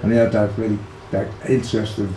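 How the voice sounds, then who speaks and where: A man's voice: fairly low pitch, little pitch movement, fast talker, a crowd in the background. An older man with a Liverpool accent, casually reminiscing about his brother in an interview, rambling with many fillers and restarts. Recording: echoey room, faint background hiss.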